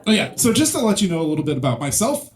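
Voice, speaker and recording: Guy doing standup, kinda high voice, lots of ums, pokes fun at himself, reads off a cheat sheet. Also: very animated, rapid-fire. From Mississippi, USA. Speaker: stand-up comedian. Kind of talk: stand-up comedy set.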